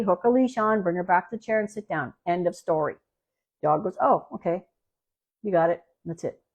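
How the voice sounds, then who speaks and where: Woman, dog trainer, casual podcast advice, plainspoken, medium pitch, repeats herself for emphasis. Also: darkish tone. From Canada. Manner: plainspoken, repeats key points, acts out dog and owner lines. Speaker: dog trainer answering listener questions.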